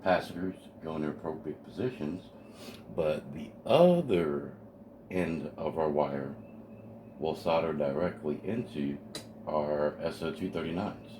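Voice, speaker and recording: A man with a very deep voice walks through a kit build step by step at his workbench. He sounds eager and easily excited as he explains. The home video recording carries a steady hiss of background noise. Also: measured pace. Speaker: amateur radio hobbyist building a kit. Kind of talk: hands-on kit assembly walkthrough.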